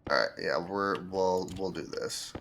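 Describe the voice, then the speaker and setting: A man streaming a building game, thinking aloud in relaxed commentary as he sorts items and plans what to build. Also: low voice, unhurried, slight background noise. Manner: thinks aloud, with fillers and restarts. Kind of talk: casual gameplay commentary.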